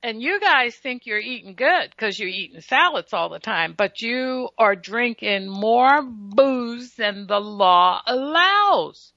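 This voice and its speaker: Female radio health host, slightly high and bright, emphatic and preachy with teasing jabs, dry dull lo-fi broadcast sound. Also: animated, slow, hardly any pauses, dry recording. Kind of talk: solo radio health talk.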